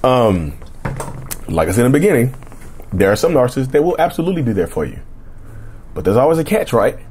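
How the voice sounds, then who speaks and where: A man hosting a casual solo podcast, talking in a rambling, repetitive way with a slightly rough throat he keeps clearing, and often asking the listeners "right?". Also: mid-range voice, sing-song, fairly quick, a little mellow. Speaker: podcast host.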